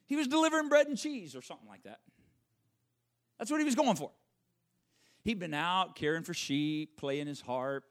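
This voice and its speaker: Brief: male pastor mid-sermon, fairly high voice that swoops a lot, animated, repeats lines for emphasis. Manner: animated preaching, repeats key phrases, quick asides to the congregation.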